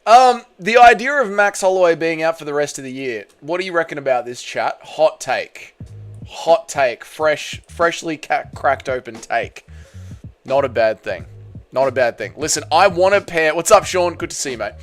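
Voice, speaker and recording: A young Australian man hosts a casual live stream, upbeat and rambling as he chats with his viewers. His voice sits a little high. Soft music plays faintly underneath. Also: expressive, moderate pace. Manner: upbeat, greets chat viewers by name, chatty and rambling.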